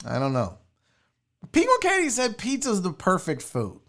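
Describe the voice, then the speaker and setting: Rambling, lively-pitched male show host. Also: normal speed. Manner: rambling, profane, jokey; fiddles with screen sharing as he talks. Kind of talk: casual livestream chat.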